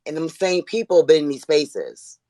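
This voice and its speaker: A woman from Buffalo, New York, calling in to a heated debate, talking in halting, rambling runs full of fillers. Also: low-pitched, big pitch swings, dark tone, dry recording. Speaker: caller.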